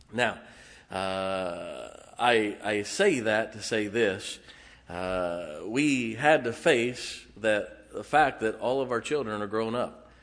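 Middle-aged male pastor preaching in a church, lowish voice, folksy and halting, long hall reverb. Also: fairly bright tone. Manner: folksy, halting with many fillers. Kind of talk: sermon. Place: church sanctuary.

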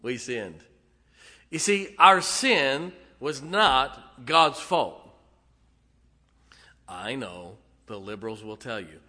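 A man preaching in a church with a bright, forceful tone. He swings between emphatic rhetorical questions and folksy, joking stories. His voice carries a long reverb from a big hall. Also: mid-range voice, animated, takes it slowly, pauses often. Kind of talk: sermon.

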